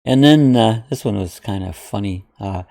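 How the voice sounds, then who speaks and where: A man with a fairly low, dark, vocal-fry voice talks at normal speed. Hosting his channel from Ohio, he rambles amiably through viewer comments, stumbling over uhs and restarting often.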